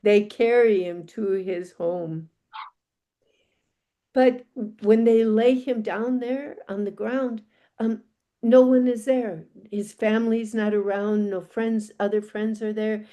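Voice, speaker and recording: Slow, expressive woman storyteller. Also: mid-range voice. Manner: unhurried, expressive. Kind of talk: live folk-tale telling.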